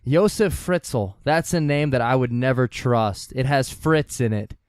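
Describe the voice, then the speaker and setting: A man hosting a casual comedy podcast, cracking jokes and laughing at his own lines. His voice is smooth and clear at a middle pitch. He is recorded dry on a close microphone. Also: a little slow, darkish tone, no echo. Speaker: podcast host presenting the case.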